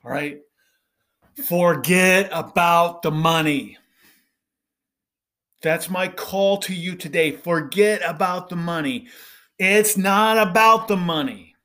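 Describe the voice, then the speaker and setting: A man's voice: high voice, slow, pauses often, pushed and bright. A middle-aged man hosting a podcast, speaking earnestly to fundraisers in a preachy monologue that keeps checking in with "right?". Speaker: podcast host.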